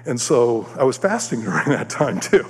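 A man giving a sermon, telling a personal story in an animated way and acting out the voices of the other people in it. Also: medium pitch, normal speed, husky. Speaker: preacher. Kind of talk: sermon testimony. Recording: long hall reverb.

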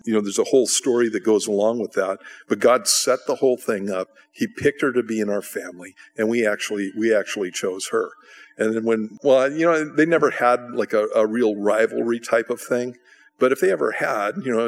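Male pastor, middle-aged, casual sermon, repeats himself, storytelling. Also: on the low side. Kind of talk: conversational sermon teaching.

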